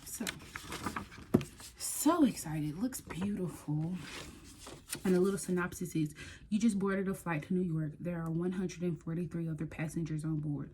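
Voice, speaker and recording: Chatty woman with a mellow voice. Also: lowish voice, normal speed, pauses often, slight background noise. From United States. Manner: chatty and excitable, reads blurbs aloud. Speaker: book vlogger. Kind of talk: casual book haul chat.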